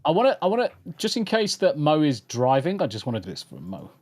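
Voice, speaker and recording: A man's voice: on the high side, huge pitch swings, fast, noisy background. A British man hosting a podcast, chatting casually with sweary, jokey banter. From Britain. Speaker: podcast host. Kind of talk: casual chat.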